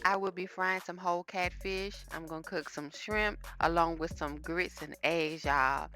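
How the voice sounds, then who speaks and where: Low, bright-voiced woman vlogging her cooking. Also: unhurried, soft background music. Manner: chatty, talks straight to viewers. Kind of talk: casual cooking vlog chat. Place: home kitchen. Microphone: phone camera.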